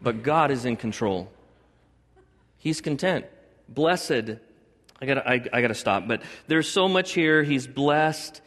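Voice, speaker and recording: A middle-aged man preaching a sermon to a congregation as pastor, animated, joking and acting out little dialogues. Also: measured pace, pauses often, long reverb tail. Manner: animated, acts out dialogue with God in a higher voice; jokes and laughs with the congregation.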